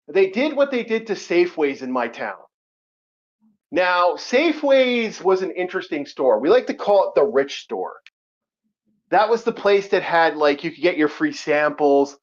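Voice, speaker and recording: A man's voice: high voice, sing-song, measured pace. A man hosting a podcast in casual chat, rambling and profane, laughing often. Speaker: podcast host. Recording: lo-fi muffled audio.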